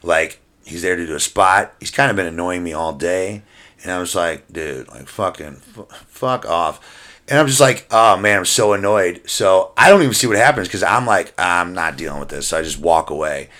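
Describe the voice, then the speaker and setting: Man, podcast co-host, casual storytelling, low-pitched, bright tone, profane, animated. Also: a little fast. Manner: animated, profane, laughs through stories. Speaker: podcast co-host and wrestling event booker.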